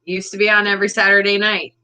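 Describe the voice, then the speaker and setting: A woman guest in casual conversation, relaxed and chatty. Her voice has a bright, crisp edge at a middling pitch. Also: fast. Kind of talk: casual chat.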